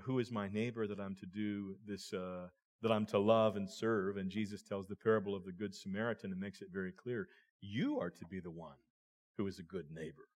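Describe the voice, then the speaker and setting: A pastor delivering a sermon in a somewhat low voice. He speaks earnestly, addressing the congregation as friends and often doubling back on his words. A man preaching steadily.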